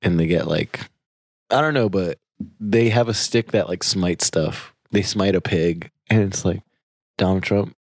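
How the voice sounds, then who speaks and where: A laid-back young man chatting with friends in a low, gravelly voice. He speaks in loose slang, trails off and laughs often. The recording is dry and close. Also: a little slow, no room sound. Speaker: friend in a casual group chat. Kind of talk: casual chat.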